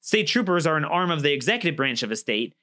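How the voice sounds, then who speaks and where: A man's voice: on the high side, very animated, quick pace, pushed and bright. A man giving an argumentative opinion monologue as a political commentator, emphatic and acting out quoted exchanges.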